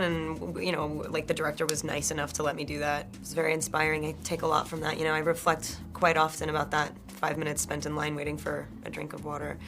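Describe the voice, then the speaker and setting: A woman's voice: deep voice, level tone, fairly quick. A young woman in her twenties, an actress giving an interview, chatting casually in a rambling, self-deprecating way. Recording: noisy interview recording.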